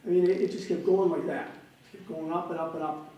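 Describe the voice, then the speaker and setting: A man in his fifties from Wisconsin gives a keynote speech as an animated storyteller with comic timing. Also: fairly high pitch, quick pace, lo-fi sound. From Wisconsin, USA. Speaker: keynote speaker. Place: large hall, on stage. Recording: echoey hall, distant mic, faint noise.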